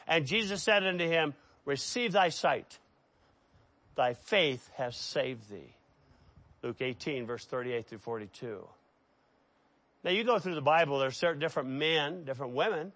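A man preaching a sermon who reads scripture aloud, raising his voice for the quoted cries and dropping low when he cites chapter and verse. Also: a bit bright, dry recording.

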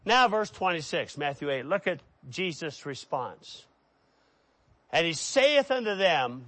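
A man preaching a sermon who reads scripture aloud, raising his voice for the quoted cries and dropping low when he cites chapter and verse. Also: big pitch swings, slow pace, fairly bright tone, dry recording.

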